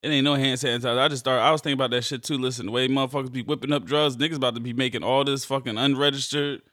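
A young man co-hosting a casual chat who rants in quick, excitable and profane bursts. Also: mid-range voice, no echo, clean studio sound.

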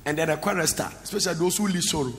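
A pastor preaches a sermon in a slightly high, racing voice, slipping into song and local words. The recording carries the echo of a hall and faint ambience.

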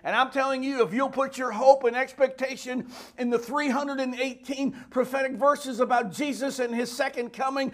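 Male pastor, high voice, fervent sermon delivery with loud shouted peaks. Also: fairly even intonation, normal speed, hardly any pauses. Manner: fervent preaching, rising to shouts.

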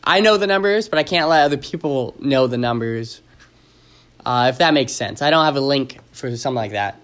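A man's voice: mid-range voice, expressive, a little fast, fairly bright tone. A man hosting his own podcast in a casual, rambling, joking chat, full of fillers and restarts. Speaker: podcast host.

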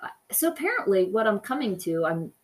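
A middle-aged woman co-hosting a casual podcast chat, playful and quick to laugh. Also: medium pitch, very animated. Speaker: podcast co-host.

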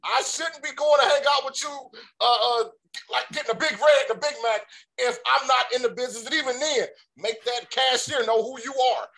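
A man hosting a wrestling podcast, loud and hyped, preaching to his audience. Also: very high-pitched, fairly quick, gravelly, poor audio. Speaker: podcast host. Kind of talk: excited casual chat.

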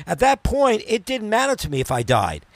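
A middle-aged man co-hosts a casual talk show, telling his stories in an animated, emphatic way. His voice sits high for a man. It is recorded close and dry, with no room sound. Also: moderate pace, no room sound. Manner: animated storyteller, self-described moaner. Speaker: co-host. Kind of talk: casual chat.

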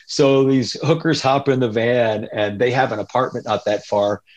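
A man's voice: mid-range voice, moderate pace. A man telling stories in a loose, rambling way, as a guest in an interview. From Northern California. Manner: rambling, loose, animated quoting of others. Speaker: interview guest, punk musician. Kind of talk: casual storytelling.

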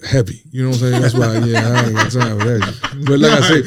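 A man's voice: mid-range voice, steady tone, fast talker, over a noisy crowd. A man hosting a podcast in casual chat, rambling and streetwise, who keeps asking "you know what I'm saying". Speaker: podcast host.

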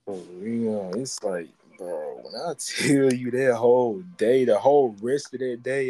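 A young man hosting a podcast in casual, slangy chat, animated and full of "like". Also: medium pitch, slow, husky, poor audio. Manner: slangy, animated, repeats filler "like". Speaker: podcast host.

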